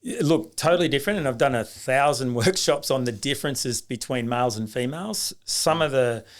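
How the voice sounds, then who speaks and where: Middle-aged Australian man, guest storyteller, anecdotal, mid-pitched. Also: fairly quick. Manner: anecdotal, acts out quoted voices, many restarts. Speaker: guest, rugby league coach. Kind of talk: storytelling in a casual interview.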